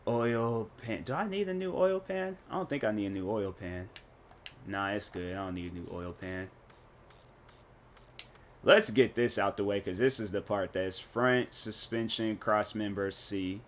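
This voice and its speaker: Male gaming streamer, bright tone, rambly and jokey, loose slang between moves. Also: fairly low pitch, fairly even intonation, a little slow. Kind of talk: casual live-stream chat while playing.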